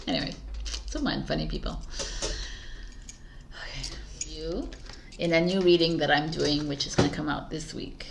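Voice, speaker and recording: Giggly tarot-reading woman, lively voice. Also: deep voice, unhurried, creaky, pauses often, a little hiss or hum. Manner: giggly, stumbling over words, swearing. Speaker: tarot reader. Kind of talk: casual blooper chat.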